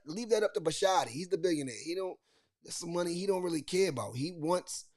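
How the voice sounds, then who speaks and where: A man with a Baltimore accent runs a loose sports podcast chat. His voice sits a little high and gets animated, and he often repeats a phrase or breaks off to restart it. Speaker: podcast host. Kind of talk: casual sports talk.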